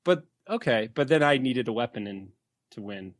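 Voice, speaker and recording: A man's voice: medium pitch, expressive, moderate pace, dry recording. A man chatting as a podcast guest, rambling through a story and breaking into laughs. His voice sits mid-range and sounds close and dry, with no room around it. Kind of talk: casual chat.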